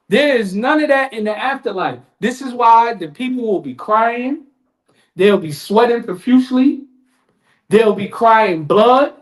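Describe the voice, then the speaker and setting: A man giving a sermon at a community event, in casual street talk, dramatic and acting out voices. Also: extremely high pitch. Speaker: lecturer.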